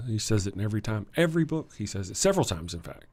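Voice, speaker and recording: A man with a Texan accent hosting a casual livestream, greeting viewers and reading their comments in a rambling, halting way, often chuckling. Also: on the low side, animated, darkish tone. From Texas. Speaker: livestream host.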